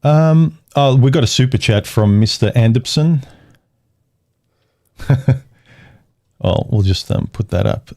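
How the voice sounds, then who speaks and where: A man's voice: mid-range voice, expressive, slow, pauses often, darkish tone. A man hosting a casual livestream, talking in loose, rambling phrases with frequent restarts. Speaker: livestream host.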